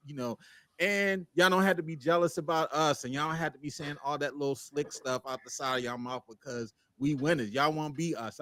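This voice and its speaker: Animated man talking sports. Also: mid-range voice, dry recording. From Baltimore. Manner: animated, laughing, teasing banter. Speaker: sports podcast host. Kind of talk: casual sports chat.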